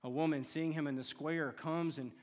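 A man's voice: fairly high pitch, steady tone, moderate pace. Man preaching in a reverberant hall. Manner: storytelling, acts out quoted lines with hushed and raised turns. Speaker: pastor. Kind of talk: sermon.

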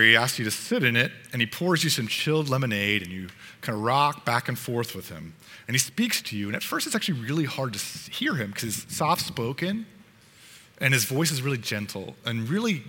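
A man's voice: mid-range voice, bright, forceful tone, in a large hall. A man preaching a sermon, earnestly telling a parable in the second person with frequent restarts.

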